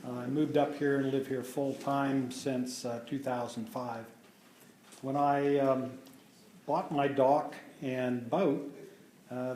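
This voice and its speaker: Guy at a town meeting mic, soft dark voice, lots of uhs, echoey room. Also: medium pitch, a little hiss or hum. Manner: halting, frequent filler pauses. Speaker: resident giving public comment. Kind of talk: public hearing testimony. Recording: roomy echo of a meeting hall.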